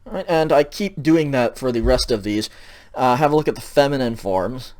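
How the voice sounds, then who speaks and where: A man giving a recorded lecture over slides, patient and explanatory, checking in often and filling pauses with ums. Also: medium pitch, expressive, a little mellow. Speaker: teacher.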